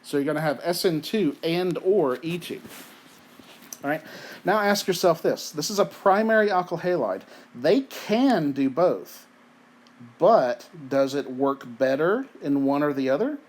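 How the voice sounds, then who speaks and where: A man's voice: fairly high pitch, lively intonation, unhurried. A man giving a recorded chemistry lecture in a conversational way, asking rhetorical questions and often checking in with "right?"; he has the hiccups. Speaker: chemistry teacher.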